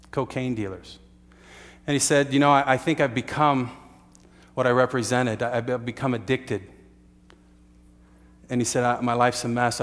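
A man's voice: medium pitch, long reverb tail. A man preaching a sermon, telling a story earnestly with uhs and restarts. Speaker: pastor.

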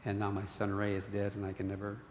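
A man's voice: lowish voice, completely flat delivery, fast, slight background noise. A middle-aged man, earnestly telling a personal faith testimony with frequent restarts. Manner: storytelling, repeated restarts, earnest. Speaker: guest sharing a testimony. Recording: echoey hall recording.

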